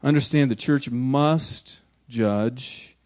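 A man preaching a sermon as pastor, speaking emphatically, swinging from loud exclamations to hushed lines, often repeating words for emphasis. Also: mid-range voice, very slow.

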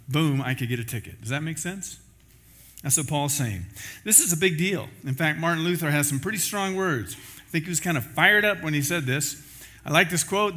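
Bright-voiced male pastor preaching. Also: on the high side. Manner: conversational preaching, folksy examples. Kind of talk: sermon.

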